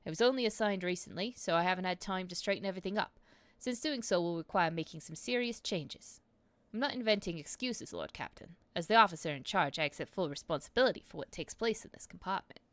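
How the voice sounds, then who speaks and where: A woman voices a stern, scornful male enforcer captain, reading game dialogue aloud in stiff, officious military phrasing. The voice sits fairly low and is a bit bright, close to an everyday voice, and the pace is fast. The recording is dry and close, with no room sound at all.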